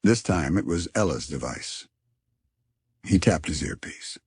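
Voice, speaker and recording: A man narrating a children's storybook in an expressive reading voice. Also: sits low, unhurried, husky, dry recording, studio quality.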